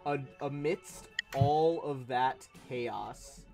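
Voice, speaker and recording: A man's voice: mid-range voice, extremely slow, vocal fry, over music. A man narrating a tabletop game on a live stream as game master, in a casual, rambling way with many fillers.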